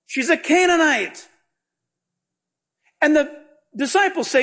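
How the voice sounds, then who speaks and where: A male preacher delivering an animated sermon that retells a Bible story for his congregation. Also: extremely high pitch, moderate pace.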